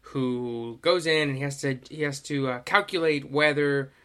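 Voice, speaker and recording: Bright-voiced rambling podcast guy. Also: medium pitch, normal speed, smooth. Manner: rambling, profane, lots of fillers. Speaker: podcast co-host. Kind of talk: casual chat.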